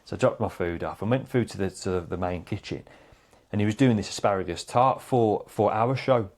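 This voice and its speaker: A man, a chef, telling stories in a casual chat, animated and swearing freely, calling people "mate". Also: fairly low pitch, fairly quick. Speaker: chef guest.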